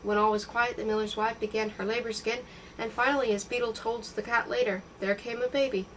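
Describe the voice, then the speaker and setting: A woman reading a novel aloud in a steady, expressive storytelling voice. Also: on the high side, a little fast, recorded from a distance, slight background noise, low-quality recording. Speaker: audiobook reader.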